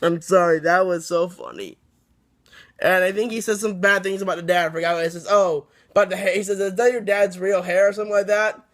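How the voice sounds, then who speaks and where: Rambling, excitable man reviewing a book. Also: sits high, brisk. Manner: rambling, excitable, many restarts.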